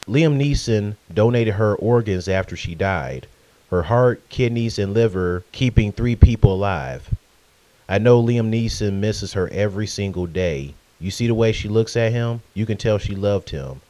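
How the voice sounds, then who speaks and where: A man's voice: fairly low pitch, darkish tone, no room sound. A man in his twenties talking in a casual, conversational vlog tribute, with fillers and asides. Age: 20s. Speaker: vlogger.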